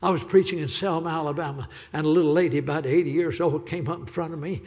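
Speaking fast with a fairly high, darkish voice and fairly even intonation, a visiting evangelist preaches with passion. He repeats his pleas, and the church sanctuary gives the recording a reverberant sound.

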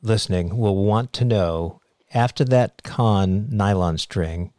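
A man hosting a casual interview, asking quick questions and answering with brief acknowledgments. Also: fairly low pitch, darkish tone, dry recording, clean studio sound. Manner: brisk questioning with short backchannels. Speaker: podcast host.

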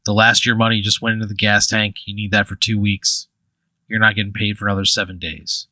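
Bright-voiced man narrating a tabletop game. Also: lowish voice, flat delivery, quick pace, no echo. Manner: casual, vivid storytelling. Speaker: game master.

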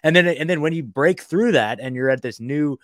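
A man hosting a podcast, talking earnestly and agreeably in casual chat with some halting restarts. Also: on the high side, dry recording, clean studio sound. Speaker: podcast host.

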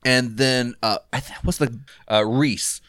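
A man's voice: medium pitch, fairly even intonation, a little slow, a bit bright, dry recording, studio quality. Rambling man discussing a film. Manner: rambling, many fillers and restarts. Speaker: podcast co-host.

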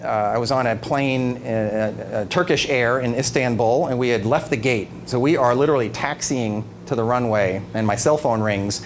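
A man's voice: medium pitch, normal speed, few pauses. A middle-aged man giving a humorous talk to an audience, telling stories with animation, often laughing and acting out quotes. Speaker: speaker giving an evening talk. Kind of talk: humorous storytelling speech. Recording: noisy live talk recording. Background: background noise.

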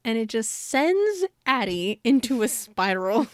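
A woman's voice: a little high, unhurried, few pauses, no echo. Chatty woman retelling a story. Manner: animated storytelling, acting out characters' lines. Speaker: book podcast co-host. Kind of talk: casual chat.

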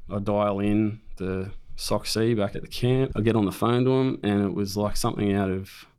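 A man's voice: on the low side, steady tone, moderate pace, a little mellow, smooth. A man, a military veteran, bluntly recounting a combat ambush in conversation and swearing freely.

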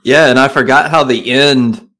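A man's voice: mid-range voice, moderate pace, bright, forceful tone. A man with a Southern accent, co-hosting a podcast in a laid-back, rambling casual chat. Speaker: podcast co-host.

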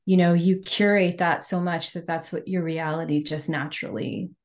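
Lower-voiced woman healer, reflective. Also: steady tone, moderate pace, a little mellow. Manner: reflective, repeats phrases, laughs often. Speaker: Huna healing practitioner, podcast guest. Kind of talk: conversational podcast interview.

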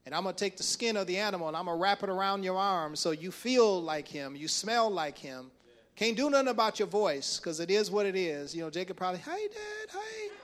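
A man's voice: high voice, fairly quick, a bit bright. A male pastor preaching a sermon, retelling a story with acted-out voices and frequent chuckles.

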